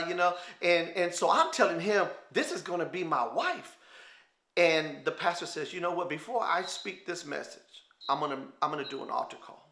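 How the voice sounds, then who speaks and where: A man with a Texan accent tells an animated story, his voice high and bright. He acts out quotes and laughs along the way. The sound rings a little in a roomy studio. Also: moderate pace. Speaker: guest telling his story. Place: television studio.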